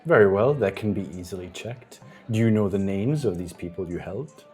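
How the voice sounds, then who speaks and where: Casting: man playing a stern sheriff, low-pitched, measured and commanding, tabletop game. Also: expressive, a little mellow, soft background music. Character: stern formal male town sheriff.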